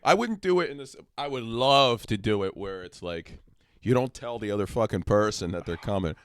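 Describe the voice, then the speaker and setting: A young man co-hosting a comedy podcast, joking and animated in casual chat. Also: fairly low pitch, moderate pace, clean tone, no room sound, clean studio sound. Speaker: podcast co-host.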